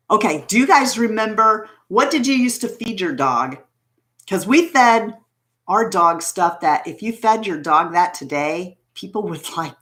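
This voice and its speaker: A woman's voice: medium pitch, a bit bright. A woman host chatting casually on a livestream, telling a rambling story, laughing often and answering viewer comments as she loses her train of thought. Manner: chuckles often while talking. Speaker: beauty channel host.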